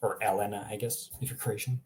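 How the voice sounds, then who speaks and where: A man giving a casual live language lesson, chatty and relaxed, reacting to viewers' examples and laughing now and then. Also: on the low side, quick pace, a little hiss or hum. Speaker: language teacher.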